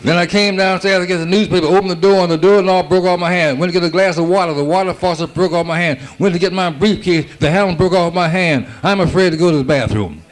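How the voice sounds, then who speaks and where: A stand-up comedian, a man, rattles off rapid one-liner jokes. His voice sits a little higher than most men's. He keeps the setups brisk with back-and-forth "I said, she said" exchanges. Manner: rapid-fire joke telling with "I said, she said" setups.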